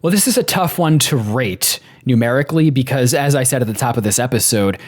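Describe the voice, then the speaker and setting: Young male podcast co-host, mid-pitched, candid and rambling. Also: lively intonation. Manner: candid, rambling, quick to laugh. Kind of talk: casual film discussion.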